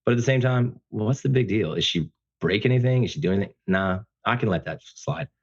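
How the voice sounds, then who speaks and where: A man speaking as a podcast guest, talking about fatherhood in an earnest, emphatic, loud-voiced way. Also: fairly low pitch, expressive, brisk, breathy edge, highs cut off. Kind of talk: casual interview conversation.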